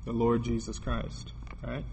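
A man's voice: medium pitch, monotone, a little slow, gravelly, darkish tone. A man preaching a sermon, telling a story with quoted dialogue and building to emphatic points. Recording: long hall reverb, faint noise.

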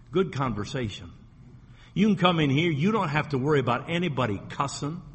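A man's voice: a little high, a bit bright, husky. A man preaching a sermon in a church, emphatic and repetitive, asking the congregation rhetorical questions. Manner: emphatic, repeats phrases for effect, asks rhetorical questions. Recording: long hall reverb.

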